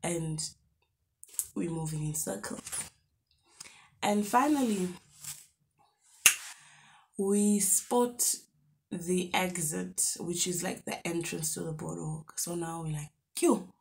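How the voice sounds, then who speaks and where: Animated young South African woman, lowish voice. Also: slow pace, vocal fry, pauses often, a little hiss or hum. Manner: animated, lively retelling with local slang exclamations. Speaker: YouTuber. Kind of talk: storytime vlog, casual storytelling.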